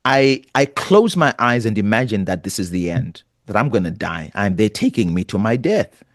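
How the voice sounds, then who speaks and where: A man's voice: lowish voice, very animated, normal speed, dry recording. Middle-aged man, pastor guest, earnest emotional storyteller, dry close sound. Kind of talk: storytelling interview.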